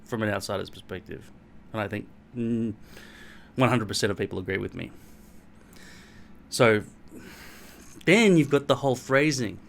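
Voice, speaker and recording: A man's voice: fairly low pitch, normal speed, vocal fry, pauses often, a bit bright, a little hiss or hum. Rambling Australian man, blunt and self-mocking. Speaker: vlogger. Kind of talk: casual rambling monologue to camera.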